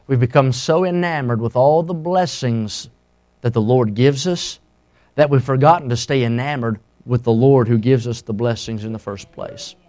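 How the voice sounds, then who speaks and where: A middle-aged man preaching a sermon as a pastor, impassioned and swinging between loud and hushed. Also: on the high side.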